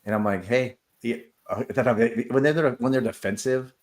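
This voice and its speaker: A man's voice: medium pitch, normal speed. A man who is an assistant wrestling coach, talking casually in an interview and telling stories full of fillers and acted-out quotes. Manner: storytelling, acts out quoted exchanges, many fillers.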